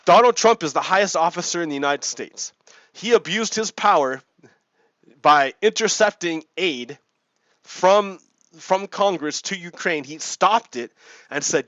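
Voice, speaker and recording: A man's voice: sits high, animated, unhurried, pushed and bright, no room sound. A man hosting a gaming video, reading out and explaining politics in a casual, chuckling way, often repeating himself. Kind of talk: casual commentary while playing a game. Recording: dry, dull lo-fi mic.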